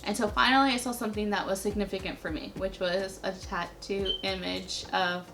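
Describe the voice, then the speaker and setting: A woman's voice: mid-range voice, fairly even intonation, brisk, vocal fry, fairly bright tone, faint music behind. A young adult woman vlogger telling a personal story to camera in a casual, chatty way, leaning heavily on "like" as a filler.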